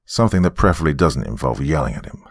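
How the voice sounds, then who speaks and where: A man's voice: sing-song, quick pace, dry recording, studio quality, full character voice. A man voicing a stern older grandfather who speaks bluntly and moodily. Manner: low, blunt and moody.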